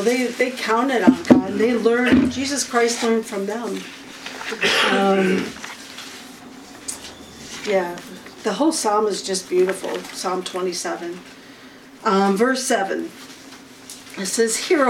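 Woman, informal Bible teaching, slow unhurried delivery, throat clearing, a bit far from the mic. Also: on the high side. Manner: unhurried, stops often to clear her throat. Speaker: Bible study leader. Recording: faint room noise, from a distance.

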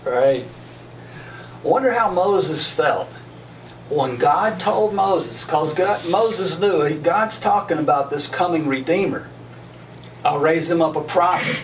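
A man's voice: fairly high pitch, slow. A man leading a casual Bible study, reading verses and retelling them in folksy slang. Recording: echoey room, mic far off, faint noise.

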